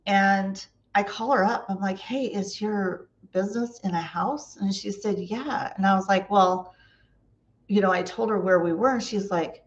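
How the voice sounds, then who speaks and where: A woman's voice: mid-range voice, measured pace, highs cut off. A woman vlogger telling funny stories in a chatty way, laughing often and acting out the dialogue. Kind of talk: casual storytelling.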